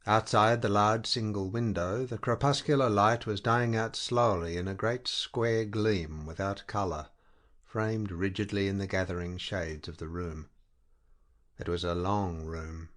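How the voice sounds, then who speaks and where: A man narrates a literary short story in a measured, deliberate reading. His voice sits somewhat low. The delivery is steady, with unhurried phrasing.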